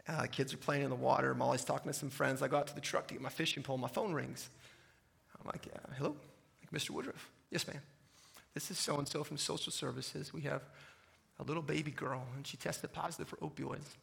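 A man in his thirties telling a personal story to an audience, acting out the dialogue in an animated way. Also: a little high, fairly quick, gravelly. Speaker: speaker sharing testimony.

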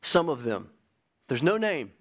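A pastor delivering a Sunday sermon, a man whose voice sits a little high for his sex. He speaks earnestly, reading a passage aloud for the congregation and pressing on his main points with rising emphasis. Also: sing-song, unhurried. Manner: reads an illustration aloud to the congregation.

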